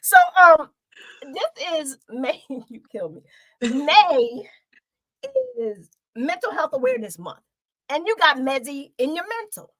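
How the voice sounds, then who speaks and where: A woman's voice: sits high, sing-song, slow pace, pushed and bright, dry recording. A woman hosting a casual talk show interview, chatty and rambling.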